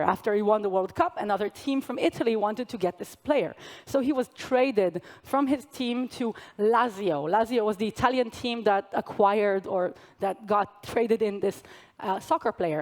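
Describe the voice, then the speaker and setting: High-voiced woman giving a keynote. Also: a little mellow. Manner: conversational and joking with the audience. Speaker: keynote speaker. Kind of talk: conference keynote talk. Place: large conference hall stage.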